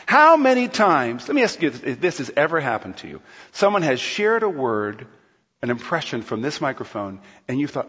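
A male pastor preaching a sermon in a large church hall, lively and playful, often acting out quotes. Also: high voice, husky. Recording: long hall reverb, dull sound.

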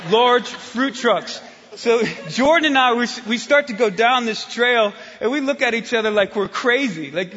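A man preaching in a church, telling a story in an animated way that builds to excited shouting. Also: high-pitched. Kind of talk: sermon with storytelling. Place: church hall. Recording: dull sound, long hall reverb.

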